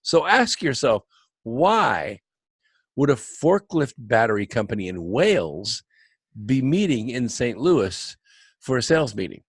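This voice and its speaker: A man on a talk show as the guest author, telling travel stories in an animated, wry way. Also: medium pitch, a little slow, breathy edge, no room sound. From United States. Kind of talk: anecdotal storytelling.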